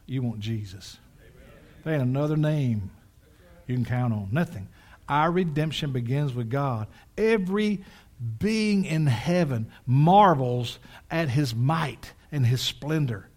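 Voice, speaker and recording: An older male pastor preaching a sermon, swinging from quiet, drawn-out lines to loud, excited peaks, with folksy asides to the congregation. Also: mid-range voice. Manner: dramatic swings from hushed to shouting, folksy asides.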